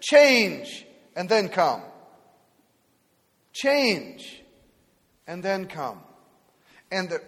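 Preaching with a high, fairly bright voice, this man is a pastor spinning humorous anecdotes and performing the characters' voices as he goes. The sound carries a long hall reverb.

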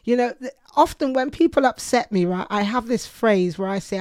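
A woman's voice: a little high, animated, normal speed, darkish tone, dry recording, studio quality. A woman co-hosting a Christian podcast, earnestly telling personal stories and quoting her own prayers. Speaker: podcast co-host.

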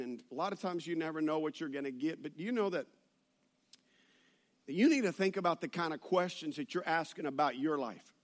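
A male pastor, preaching a sermon to his church and telling stories in an animated way, with many restarts. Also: high voice. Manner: animated storytelling with laughs and restarts.

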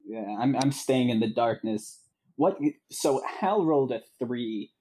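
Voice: mid-range voice, animated, measured pace, warm tone, a little hiss or hum. A player talking casually during a tabletop role-playing game in a laid-back, dry way.

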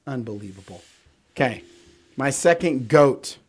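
A chatty man on a casual podcast, talking at a medium pitch. He tells stories with lots of fillers and asks "right?" often. He acts out the quotes in his stories. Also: measured pace. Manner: animated storyteller, many fillers and "right?"; acts out quotes in other voices. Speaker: podcast co-host. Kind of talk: casual sports talk.

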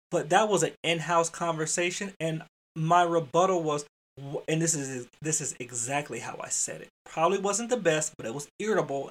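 Here a man who is an adult and a father shares a work story on his podcast, his voice fairly high-pitched with a fairly bright tone. He keeps it loose and conversational, talking right to the people listening, calling them "y'all," and swearing a little.

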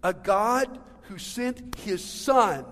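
A man's voice: high-pitched, drawn-out words, a bit bright. A pastor preaching a sermon to his congregation, talking to them directly and calling them friends and guys. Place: church sanctuary. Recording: long reverb of a large hall.

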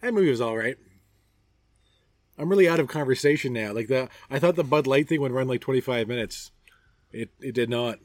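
A man's voice: medium pitch, lively intonation, fairly quick, pauses often, darkish tone, no room sound. A middle-aged man co-hosting a podcast, chatting casually and jokingly outdoors, often rambling and trailing off. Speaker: podcast co-host. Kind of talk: casual chat. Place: outdoors at a backyard gathering.

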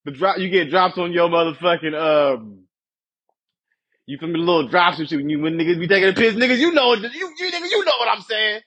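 On his podcast, a young man with a high-pitched, fairly bright and slightly rough voice talks fairly quickly through a rambling, profane story. He laughs a lot and keeps checking in with listeners, asking "you feel me." The audio sounds dull.

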